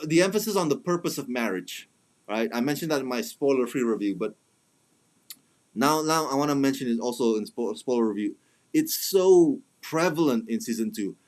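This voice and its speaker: A man's voice: mid-range voice, darkish tone. Chatty man reviewing a show. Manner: chatty, many fillers and restarts, laughing asides; mocks others in quoted voices. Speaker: film reviewer. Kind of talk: casual spoken review.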